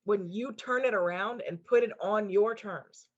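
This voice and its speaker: An animated woman talks through a casual podcast chat, leaning on repeated words and casual swearing. Her voice sits in a middle pitch, and the recording is dull and lo-fi. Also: measured pace. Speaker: co-host, intuitive channeler. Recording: dull lo-fi sound.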